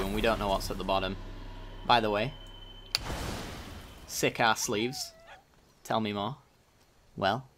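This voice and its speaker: A man's voice: on the low side, fairly bright tone, slight background noise. A man casually commenting on his own card game as he plays, thinking aloud about each move. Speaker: gaming channel host.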